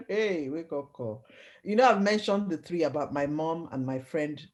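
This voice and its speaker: A woman's voice: sits low, measured pace. A middle-aged woman sharing her personal story as an interview guest, telling it vividly and acting out the voices of people she quotes. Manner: expressive storytelling, acts out quoted voices, laughs often. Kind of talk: personal testimony in conversation.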